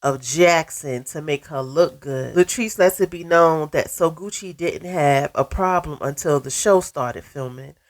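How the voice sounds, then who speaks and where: A woman gives a casual, opinionated recap of a reality show, sounding stuffy from a cold. Her voice sits on the low side and her delivery is blunt and sassy, full of pointed asides. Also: unhurried, few pauses. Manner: sassy, blunt commentary with "okay?" tags. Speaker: recap vlogger.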